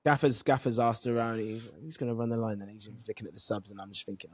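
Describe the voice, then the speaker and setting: A man's voice: fairly low pitch, quick pace. A man co-hosting a football podcast, telling a story in a laid-back, sweary way. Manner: laid-back, sweary, with short backchannel replies. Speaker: podcast co-host. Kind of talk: casual storytelling chat.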